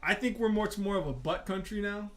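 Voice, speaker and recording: A man's voice: high-pitched, a little fast, soft background music. A man talking casually while he draws, rambling through stories with lots of fillers and swearing. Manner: rambling, profane, filler-heavy storytelling. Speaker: artist vlogger.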